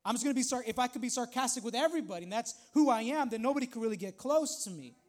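A man's voice: very high-pitched, expressive, very fast, darkish tone. A male pastor preaching a sermon in a conversational way, with frequent asides to the congregation.

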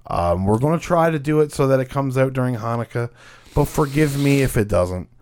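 Brief: young male podcast host, loose and profane, drifting quieter at times. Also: mid-range voice, expressive, fairly quick, slight background noise. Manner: profane, laughing, trailing off quietly. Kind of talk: casual chat.

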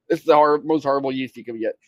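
A man's voice: medium pitch, fairly quick, a little mellow, no room sound, muffled recording. A man co-hosting a casual podcast, recorded close and dry with no room sound. He talks in a plain, matter-of-fact way and adds careful practical tips. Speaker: podcast co-host.

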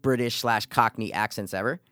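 A young man co-hosting a podcast in casual chat, excitable and profane. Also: fairly low pitch, moderate pace, no echo. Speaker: podcast co-host.

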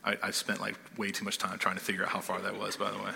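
A man preaching a sermon in a casual, animated way, often checking in with "okay?", in a church hall. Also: lowish voice, fast talker, creaky. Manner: conversational, animated, keeps asking "okay?". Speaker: pastor.

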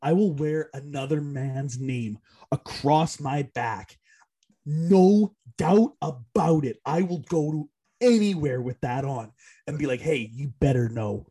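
A young man co-hosting a sports podcast, chatting casually and excitably, laughing often. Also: on the high side, takes it slowly, husky. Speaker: podcast co-host. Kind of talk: casual chat.

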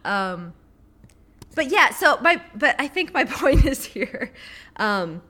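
A woman co-hosting a casual talk about books and poems, with a high, bright voice that swings widely in pitch. She is animated, laughs often and acts out the lines she quotes. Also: takes it slowly. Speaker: podcast co-host.

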